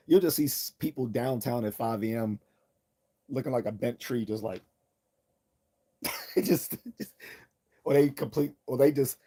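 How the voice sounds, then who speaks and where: A man's voice: fairly low pitch, dark tone, husky. A man hosting a livestream, rambling casually with lots of profanity and frequent laughter at his own jokes. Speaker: livestream host.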